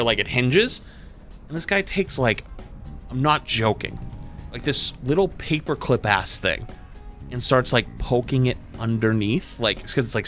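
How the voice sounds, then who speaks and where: Guy streamer ranting thru a story, swoopy pitch, sharp bright tone, soft music behind. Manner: animated, profane, exasperated retelling. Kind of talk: casual storytelling.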